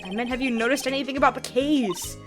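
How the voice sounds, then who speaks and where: A woman's voice: high-pitched, quick pace, over music, natural voice. A woman voicing an earnest young male defense lawyer in her own voice, reading plainly and matter-of-factly.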